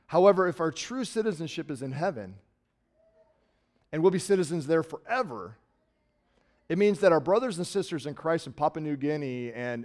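A middle-aged man from Nebraska preaching a sermon in a conversational way, swinging from loud emphasis to quiet trailing words. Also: on the high side, lively intonation, moderate pace, pauses often. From Nebraska, USA. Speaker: pastor.

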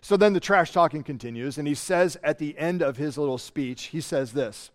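A man preaching a sermon, telling a story in an animated way and acting out the voices. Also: on the high side, normal speed, hardly any pauses. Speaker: pastor.

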